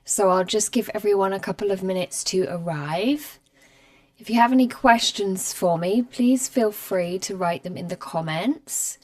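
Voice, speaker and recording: Patient woman teaching English live. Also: medium pitch. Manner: clear, patient explaining with example sentences. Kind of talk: live online grammar lesson. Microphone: camera mic.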